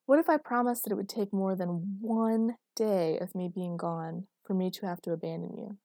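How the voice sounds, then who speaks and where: A woman's voice: mid-range voice, moderate pace, warm tone, no room sound, studio quality, natural voice. A woman reading aloud, voicing an intense, protective young man who speaks emphatically. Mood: insistent.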